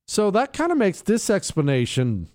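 A man's voice: high voice, huge pitch swings, moderate pace, a little mellow. A man hosting a talk radio show, delivering an opinionated monologue in a combative, sarcastic way.

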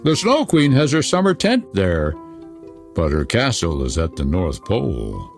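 Man doing a storybook reindeer, gentle, eager, wistful, lively pitch, gravelly. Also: unhurried, faint music behind, exaggerated voice. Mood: longing.

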